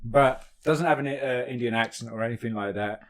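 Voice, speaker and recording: A man's voice: medium pitch, fairly quick. A middle-aged man from Britain with a British accent who talks bluntly in casual podcast chat and tells rambling anecdotes. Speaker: podcast co-host.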